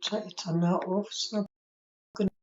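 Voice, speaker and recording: A woman's voice: mid-range voice, fairly even intonation, moderate pace, dull audio. Chatty Scottish woman in an echoey room. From Scotland. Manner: chatty, talks to viewers, fumbles with the app. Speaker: tarot reader. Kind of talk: live-stream tarot reading. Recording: echoey room with faint ambient noise.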